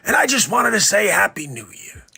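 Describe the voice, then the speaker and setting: A man's voice: high-pitched, very animated, moderate pace, gravelly, pushed and bright, slightly rough, exaggerated voice. A man mimicking a fussy older health official. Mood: emphatic. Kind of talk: comedic impression.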